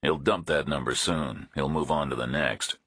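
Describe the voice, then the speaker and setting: A tough, blunt male hero speaks in a flat, matter-of-fact way, voiced by a male narrator. His voice is extremely deep and husky. The sound is dry and close-miked. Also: normal speed, dry recording, full character voice. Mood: threatening. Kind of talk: audiobook character voice.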